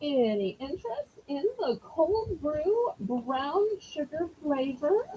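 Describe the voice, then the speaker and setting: A woman's voice: high-pitched, sing-song, slow, dark tone, slight background noise, low-quality recording. A woman with a Southern accent hosting a live-stream auction, chatting in a folksy way and greeting viewers by name.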